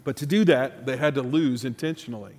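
A man's voice: mid-range voice, fairly quick, a little mellow, long reverb tail. A man from the United States preaching a sermon, conversational and joking, teasing his congregation. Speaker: pastor.

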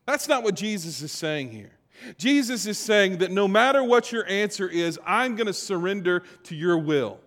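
A man preaching a conversational sermon, moving between quiet reflective passages and louder emphatic stretches. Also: sits high, lively intonation, normal speed. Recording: long hall reverb.

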